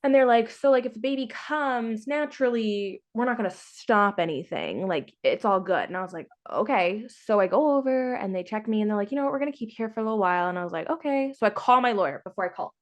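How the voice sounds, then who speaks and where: A woman's voice: on the high side, expressive, fast talker, hardly any pauses. Frank woman telling a story, acting out dialogue. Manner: frank, exasperated. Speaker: podcast host sharing her surrogacy story. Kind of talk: casual chat.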